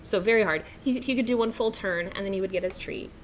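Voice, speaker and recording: A woman's voice: mid-range voice, fast, crowd noise. A woman guest on a casual chat show, talking eagerly about pets and her pet care business. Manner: chatty, enthusiastic, self-described dog training nerd.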